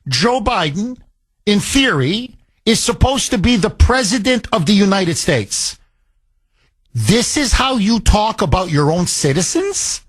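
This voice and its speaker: A man's voice: high voice, fairly bright tone. A man hosting a talk radio show, delivering an indignant monologue full of rhetorical questions.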